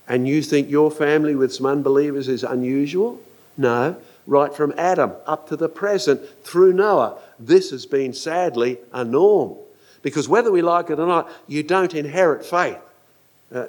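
Older male preacher, animated sermon delivery with a somewhat high voice, acts out quoted lines.

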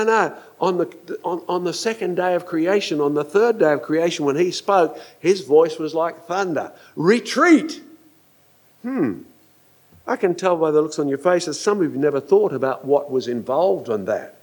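An older man preaching a sermon, animated, asking his listeners questions and acting out quotes. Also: on the high side.

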